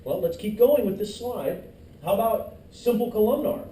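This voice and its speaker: A man's voice: sits high, animated, moderate pace, mellow, slight background noise. A middle-aged male teacher giving a classroom lecture, quizzing the class and cracking jokes, recorded from far off in an echoey classroom. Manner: joking asides, quizzes the class.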